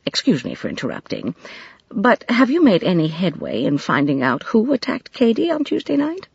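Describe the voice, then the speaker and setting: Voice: medium pitch, wildly swooping pitch, measured pace, slightly rough, no room sound, muffled recording, exaggerated voice. A narrator voicing a resourceful, polite older American woman in an audiobook. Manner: polite, precise.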